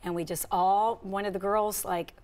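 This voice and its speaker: A woman host on a daytime TV talk show, chatting in a bubbly, animated way. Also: medium pitch, normal speed. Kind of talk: casual talk show chat. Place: TV studio with audience.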